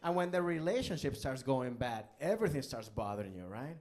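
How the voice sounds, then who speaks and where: A man doing a live stand-up comedy set on a club stage, animated and bursting into loud character voices. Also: medium pitch, brisk.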